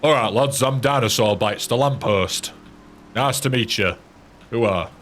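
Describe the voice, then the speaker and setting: A man's voice: medium pitch, a little slow, a bit bright, a little hiss or hum, natural voice. A man voicing a chummy talking lamppost with a Northern English accent. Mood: cheery. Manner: hearty, matey greeting.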